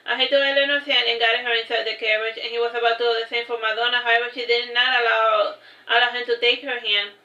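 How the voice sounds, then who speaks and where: A woman narrator reads her own novel aloud on a livestream in a bright, fairly high voice, talking fast in a steady, even tone. She reads straight on, pausing now and then for casual offhand asides. The sound is roomy and a little dull, like lo-fi stream audio.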